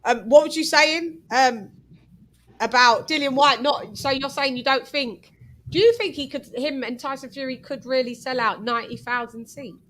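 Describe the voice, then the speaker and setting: A woman's voice: sits high, fairly bright tone, poor audio. A woman hosting a casual boxing panel, arguing firmly and talking over her guests. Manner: talks over others, argues firmly, quick questions. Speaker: host of a boxing panel show.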